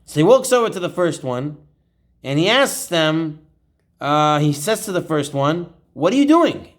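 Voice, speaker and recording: A rabbi teaches an informal Torah class in a voice on the high side, speaking unhurriedly. He's an animated storyteller who acts out the quotes.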